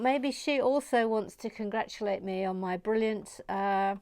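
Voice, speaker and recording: A woman hosting a relaxed Lego building video, chatting casually and muttering softly to herself with self-mocking asides. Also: mid-range voice, unhurried, few pauses, smooth, no room sound, studio quality. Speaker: host building a Lego model. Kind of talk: casual chat while building.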